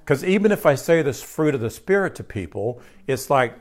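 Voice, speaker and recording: A man's voice: medium pitch, big pitch swings, moderate pace. A man preaching a sermon in a conversational way, asking his listeners questions and repeating key phrases. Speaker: pastor.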